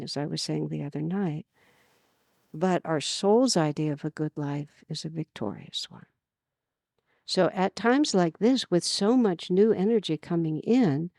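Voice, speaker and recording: A woman from California giving an earnest spiritual talk at a retreat, telling stories with lively emphasis. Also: lowish voice, vocal fry, no room sound, clean studio sound. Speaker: spiritual teacher. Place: retreat gathering.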